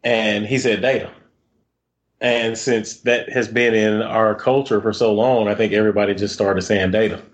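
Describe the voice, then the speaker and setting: A man's voice: on the low side, fairly even intonation, moderate pace. A man co-hosting a podcast, telling stories in a rambling, chatty way. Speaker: podcast co-host. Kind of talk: casual podcast chat.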